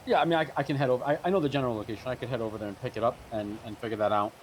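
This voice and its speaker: A man playing a police captain in a roleplay, firm and measured, with frequent restarts. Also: mid-range voice, a little hiss or hum, rough recording. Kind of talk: in-character roleplay conversation.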